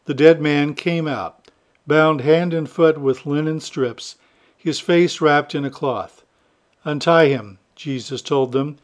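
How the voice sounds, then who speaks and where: A priest reads the gospel in a plain, steady way, then slips into an easygoing, conversational homily with a gentle joke or two. His voice sits a little higher than most men's. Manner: plain, steady reading turning to a relaxed, chatty preaching with light humor.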